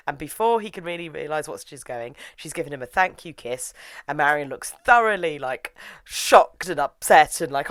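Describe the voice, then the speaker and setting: A woman's voice: low-pitched, expressive, moderate pace, a bit bright, no echo. Chatty woman recapping a story. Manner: chatty, filler-heavy retelling with lots of "like". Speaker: anime reviewer. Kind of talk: casual recap of an anime episode.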